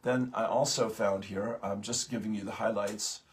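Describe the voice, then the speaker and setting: A man hosting a morning spiritual talk, speaking haltingly with many pauses and fillers, just out of bed. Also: fairly low pitch, fairly even intonation. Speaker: host of a morning spiritual program.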